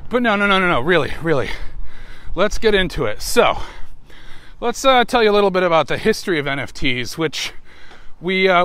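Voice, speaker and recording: A man's voice: on the high side, fairly bright tone. A man hosting a podcast while out on a walk, talking into his phone in a rambling, joking monologue with self-mocking asides. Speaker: podcast host. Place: outdoors on a walk.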